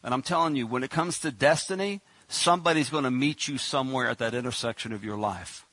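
A man's voice: medium pitch, fast talker, fairly bright tone, no echo. A man preaching a sermon in a conversational way, acting out the people in the story as he goes. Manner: conversational preaching, acts out biblical characters.

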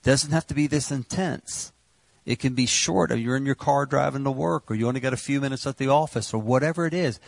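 A man preaching a sermon, impassioned and repetitive, rising to shouts on words of praise. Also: mid-range voice, brisk, vocal fry, no echo.

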